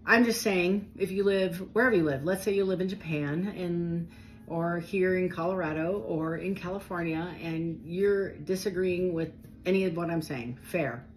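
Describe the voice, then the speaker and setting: A woman giving a casual, animated tarot reading, talking straight to her viewers in a chatty way. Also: fairly low pitch, normal speed, a little hiss or hum, poor audio. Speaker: tarot reader.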